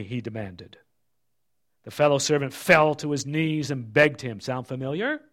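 A middle-aged male pastor giving a sermon and reading scripture aloud, emphatic, then falling soft and low for asides. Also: sing-song, normal speed.

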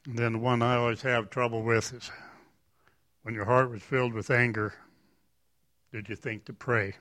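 A man's voice: mid-range voice, little pitch movement, normal speed, a bit bright. A man, not a preacher, giving an informal church talk in a rambling, folksy, self-deprecating way. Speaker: lay speaker at church.

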